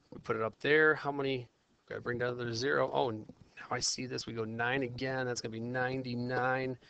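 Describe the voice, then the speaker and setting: A man's voice: medium pitch, gravelly, fairly bright tone, slight background noise. A man teaching a casual math lesson, talking himself through calculations in an informal, chatty way. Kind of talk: casual classroom lesson, working problems aloud.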